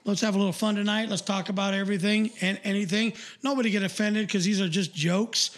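A man's voice: high-pitched, steady tone, fast. A man co-hosting a podcast in casual live-stream chat, rambling bluntly with lots of fillers and swearing. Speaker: podcast co-host.

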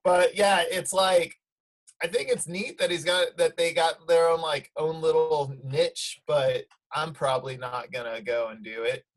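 A man co-hosting a surf podcast, talking in relaxed surfer slang, calling people "dude" and going off on a rant. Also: fairly high pitch, measured pace, low-quality recording. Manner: laid-back surfer slang, ranting. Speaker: podcast co-host. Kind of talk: casual chat.

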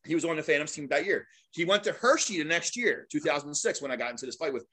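Fast-talking, animated middle-aged man. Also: a little high. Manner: animated, laughs often, acts out quotes. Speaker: guest, veteran sports mascot. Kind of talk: casual storytelling.

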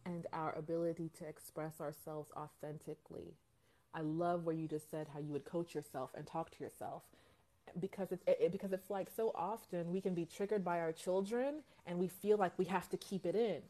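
A woman's voice: lowish voice, steady tone, normal speed, warm tone. A woman in a live-stream conversation, speaking earnestly and reflectively about parenting, often repeating phrases as she searches for words.

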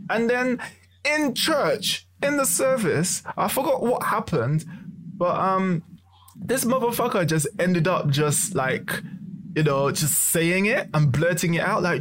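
Young guy, slightly high voice, lively storyteller who curses a lot. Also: measured pace, a little hiss or hum. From London. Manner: animated storyteller, swears freely. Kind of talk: casual chat.

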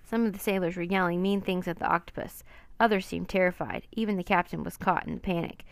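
A woman reading a children's adventure book aloud in an expressive storytelling manner. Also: lowish voice, fast talker, vocal fry, no room sound.

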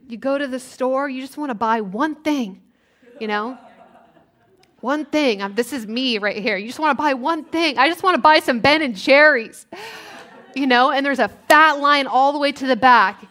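A woman preaching a sermon in church, animated and acting out complaining voices. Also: sits high. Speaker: guest preacher.

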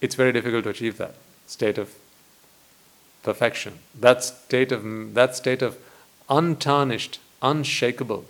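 In a mid-range voice with some vocal fry, a man who is a Buddhist monk gives a dharma talk. He speaks deliberately, repeating himself and posing rhetorical questions throughout.

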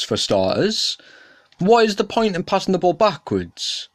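A young man hosting a solo podcast, ranting with indignation and often jumping up in pitch and volume. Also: sing-song, measured pace, dry recording. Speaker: podcast host. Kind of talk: casual solo podcast rant.

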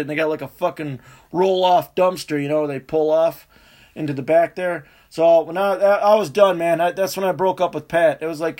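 A man telling a rambling, profane, animated story in casual chat. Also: sits high.

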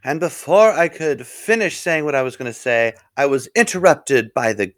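Animated male comedy narrator. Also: medium pitch, moderate pace, dry recording. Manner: lively, animated, playful. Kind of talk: comic storytelling.

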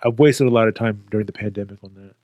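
A man's voice: lowish voice, fairly even intonation, fast, no echo, lo-fi sound. A man co-hosting a podcast, reacting with amused interjections and short comments. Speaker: podcast co-host. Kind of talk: casual chat.

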